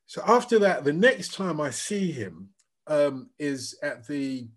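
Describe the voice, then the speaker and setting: A man, a podcast co-host chatting casually and telling lively anecdotes. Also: on the high side, slow pace. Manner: animated anecdotal storyteller, restarts sentences. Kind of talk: casual chat.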